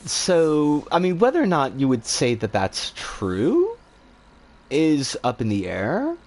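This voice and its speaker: Guy streamer rambling at chat, voice sits a bit high and jumps all over the place, swears casually. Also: wildly swooping pitch, slow pace, darkish tone. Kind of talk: casual chat answering viewer comments.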